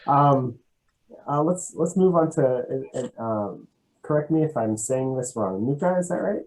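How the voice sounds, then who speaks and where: A man's voice: medium pitch, expressive, measured pace, a little mellow, rough recording. A man hosting a casual interview over a video call, friendly and stammering on his restarts. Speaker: interviewer and host.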